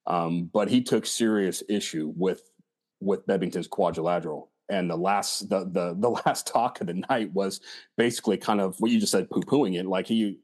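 Halting, low-voiced male scholar. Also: a little mellow. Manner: hesitant, many fillers and restarts. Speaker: author and scholar. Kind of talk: casual discussion.

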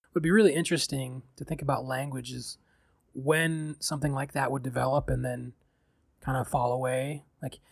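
A man's voice: medium pitch, fairly even intonation, normal speed, vocal fry, slightly rough, dry recording. A man in a casual podcast chat, talking reflectively with many fillers.

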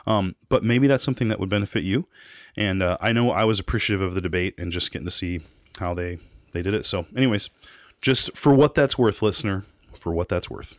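A man's voice: deep voice, brisk, no room sound, clean studio sound. A man co-hosting a podcast, talking casually and reviewing a debate, with frequent restarts and asides. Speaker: podcast co-host.

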